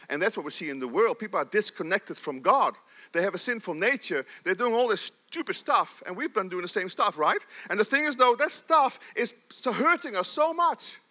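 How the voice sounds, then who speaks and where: A middle-aged man preaching a sermon in a church, animated, swinging between loud emphasis and soft, low asides. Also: moderate pace. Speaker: pastor.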